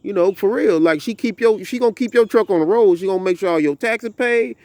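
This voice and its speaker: A man's voice: high-pitched, fairly quick, no room sound. A man in his thirties with a Southern US accent, talking casually and animatedly to camera about his farm outdoors. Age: 30s. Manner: animated, preachy storytelling. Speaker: farm vlogger.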